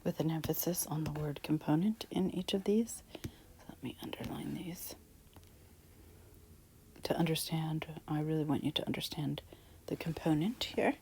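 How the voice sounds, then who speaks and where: A woman teaching a math lesson, talking softly and half-whispered with a breathy voice while she writes. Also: low voice, normal speed, slight background noise, rough recording. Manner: soft, half-whispered explaining while writing. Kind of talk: recorded math lecture.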